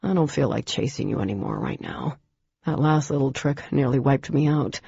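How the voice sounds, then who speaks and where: A woman's voice: a bass voice, sing-song, moderate pace, gravelly, warm tone, breathy edge, no room sound, lo-fi sound, heavily acted. A woman doing Demon, an intense weary young man.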